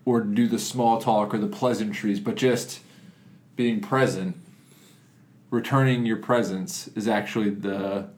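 A man's voice: fairly low pitch, steady tone, a little slow, a little mellow. Joking, reflective man co-hosting a faith podcast. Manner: joking, reflective, self-interrupting. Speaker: podcast co-host. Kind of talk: casual faith discussion.

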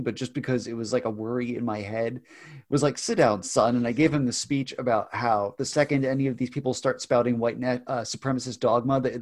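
Male podcast host, casual chat; halting delivery with repeated words and self-corrections. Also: medium pitch.

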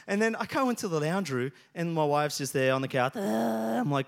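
A man, a pastor preaching a sermon, telling stories and building to loud, emphatic passages. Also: high-pitched, expressive, moderate pace.

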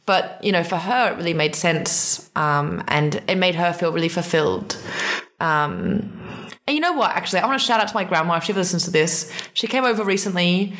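A woman's voice: lowish voice, animated, a little fast, fairly bright tone. A young woman from England chatting candidly as a podcast co-host, laughing often and talking with lots of fillers and restarts. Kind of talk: candid casual chat.

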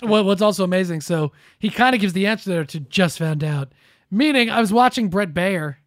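A man's voice: high-pitched, fairly quick, no room sound, studio quality. A man co-hosting a political podcast, casual, sarcastic and loose, with some swearing. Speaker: podcast co-host.

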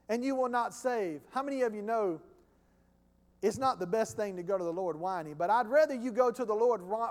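A man preaching a sermon as pastor, impassioned and calling out to his congregation. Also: high voice. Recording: long hall reverb.

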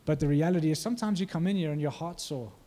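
A man's voice: a little high, fast talker, warm tone. A male preacher giving a conversational sermon, often asking the congregation questions.

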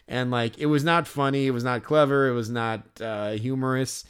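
A young male co-host chats casually about a night out. His sentences wander and restart, and he pads them with fillers. His voice sits at an ordinary, middle pitch. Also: steady tone, moderate pace, smooth. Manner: rambling, heavy on filler words. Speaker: podcast co-host. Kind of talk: casual chat.

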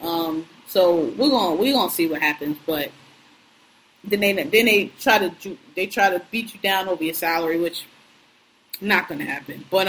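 A woman's voice: fairly low pitch, a bit bright, rough recording. Podcast co-host, woman in her thirties, AAVE, blunt and profane, venting in casual chat, faint hiss behind.

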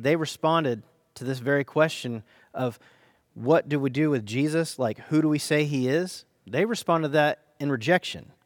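An American man preaches a sermon in a somewhat high voice, leaning into key phrases and slowing down to stress them. The sound is dry and close, with no room around him. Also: dry recording. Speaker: pastor.

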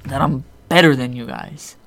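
A man with a bright, forceful voice trading teasing banter on a podcast. The sound is dry and close, with no room around it, and he boasts and laughs easily. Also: medium pitch, moderate pace, gravelly, no room sound. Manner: teasing, cocky, laughs a lot. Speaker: podcast co-host.

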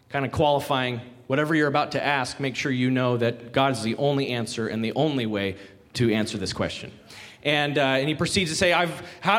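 A man's voice: mid-range voice, fairly quick, fairly bright tone. A man preaching a sermon in a conversational way, acting out quotes and asking the congregation questions. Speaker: pastor. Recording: long hall reverb.

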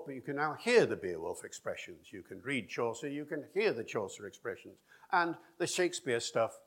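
A man giving a public lecture in a lively, discursive way, with chatty asides. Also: on the low side, slightly rough. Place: lecture hall with an audience.

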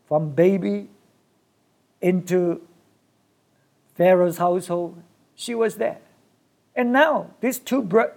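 A preacher delivering a sermon in short, emphatic bursts, often repeating key phrases. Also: medium pitch.

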